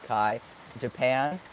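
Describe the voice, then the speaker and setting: A late-teen guy chatting on a live stream, working through his answers out loud and pausing to find the right words. His voice sits in an ordinary middle register, upbeat with flashes of excitement. Faint background noise sits under the voice. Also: mid-range voice. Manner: thinking aloud, searching for words; upbeat, sometimes hyper. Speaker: vlogger. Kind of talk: live stream chat answering viewer questions.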